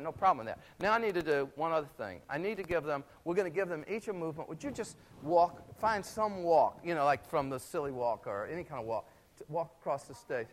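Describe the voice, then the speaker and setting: A middle-aged man giving a lively, chatty stage talk with a demonstration, wearing a clip-on mic before a live audience. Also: fairly high pitch. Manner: animated, chatty, full of asides. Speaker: theater lecturer. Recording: faint crowd and room noise.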